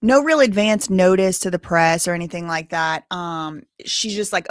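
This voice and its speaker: A woman hosting a live stream, chatting casually and rambling to her viewers, and she sounds tired and low on energy. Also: moderate pace, no echo, clean studio sound.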